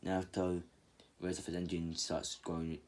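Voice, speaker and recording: A man's voice: deep voice, level tone, unhurried. A man casually retelling a fan story, rambling and full of fillers and restarts.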